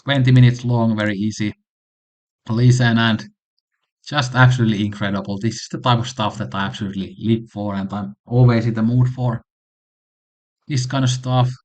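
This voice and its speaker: A man's voice: medium pitch, fairly even intonation, moderate pace, darkish tone. A man hosting a casual music recommendation vlog, talking enthusiastically and rambling with frequent restarts. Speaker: channel host.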